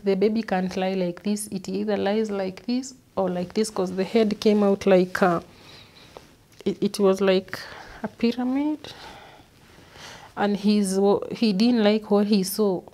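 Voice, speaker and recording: A woman, an interview guest, recounting a painful personal story in an earnest, halting way, often repeating words. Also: medium pitch, dark tone. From Kenya. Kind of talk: personal testimony.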